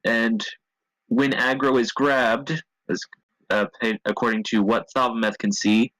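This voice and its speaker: A man's voice: mid-range voice, level tone, measured pace, a bit bright, no room sound, rough recording. A man running a tabletop game, explaining the plan step by step over a voice call.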